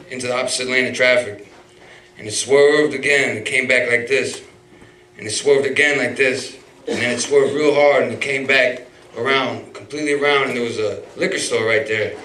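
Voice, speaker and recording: A man's voice: medium pitch, normal speed, pushed and bright, slight background noise. A man telling a personal story live on stage, rambling, with restarts, fillers and swearing. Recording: roomy hall, mic far off.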